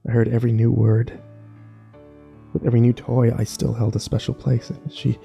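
A man narrating a first-person horror story slowly and wistfully, with small restarts. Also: mid-range voice, flat delivery, gravelly, mellow, breathy edge, dull audio, soft background music.

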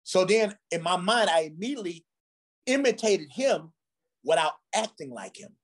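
A man from Ghana, a drummer, tells childhood stories in a relaxed conversation. His voice is a little husky, and his pitch swings lively up and down as he acts out the people in his tales. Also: normal speed. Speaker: guest drummer. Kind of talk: storytelling in a conversation.

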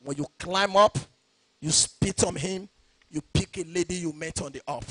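A man preaching a sermon, shouting his points and slipping into a sing-song cadence. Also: fairly high pitch, moderate pace, husky. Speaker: pastor.

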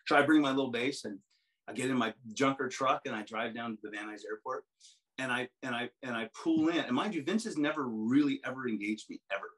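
Brisk and a bit bright, with a medium pitch, a middle-aged man tells rambling stories as a musician guest in a casual interview. He restarts many times and often does impressions of other people's voices. The recording is rough.

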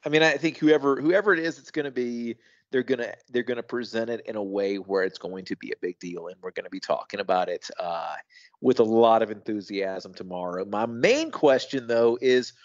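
A man co-hosting a wrestling podcast, talking in a casual, thoughtful way with halting restarts and emphatic asides. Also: lowish voice, dry recording, lo-fi sound. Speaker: podcast co-host.

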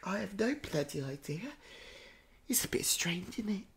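A woman with a husky voice hosts a comedy podcast, playing a psychic who bellows to spirits and then drops into hushed whispers. Her pitch sits in an ordinary middle range. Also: lively intonation, moderate pace. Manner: theatrical, swinging from loud calls to hushed whispers. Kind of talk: improvised comedy psychic reading.

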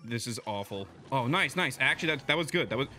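Mumbling low one moment and yelling at his teammates the next, a young man delivers excitable play-by-play commentary on his own match. He's a gaming video creator, and his talk is chatty and fast.

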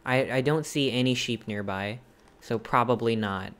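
A streamer chatting with viewers while playing a game live, thinking aloud in hesitant questions and gasping in excitement at each new find. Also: mid-range voice, normal speed. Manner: excitable, gasping and exclaiming at discoveries.

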